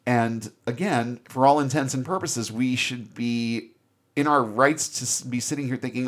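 A man giving a casual, animated movie recap as a podcast host, with free swearing. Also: mid-range voice, measured pace. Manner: animated storyteller, swears freely.

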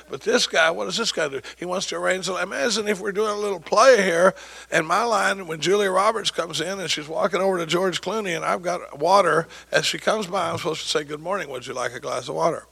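An older man speaks at a recovery meeting in a folksy, joking way, acting out the voices of people he quotes. His voice is bright and gravelly with a husky edge. It sits a little high for a man.

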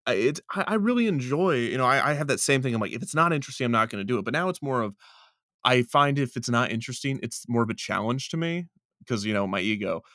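A man talking loosely about his video work, circling back on his points and breaking into laughter as he gets going. His voice sits at a middle pitch, and the sound is close and dry with no room around it. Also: brisk, dry recording. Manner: rambling, animated, laughs often. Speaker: video creator and podcast host. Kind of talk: casual conversation.

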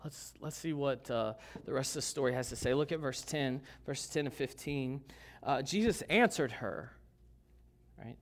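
A man's voice: mid-range voice, moderate pace. A man preaching a sermon, reading scripture aloud and adding emphatic, conversational asides. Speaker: pastor.

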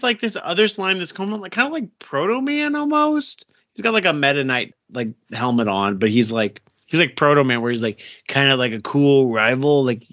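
A man's voice: medium pitch, a bit bright, dry recording, lo-fi sound. A man co-hosting a casual chat about video games, rambling with lots of fillers and restarts.

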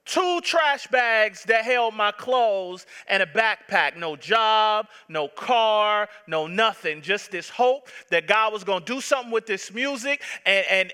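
A man's voice: sits high, pushed and bright, smooth. A man in his thirties, a pastor preaching a sermon with impassioned, emphatic repetition. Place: church sanctuary. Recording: long reverb of a large hall.

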